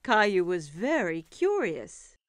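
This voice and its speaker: A woman narrating a children's cartoon in a gentle, expressive storytelling voice. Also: on the low side, takes it slowly, no room sound.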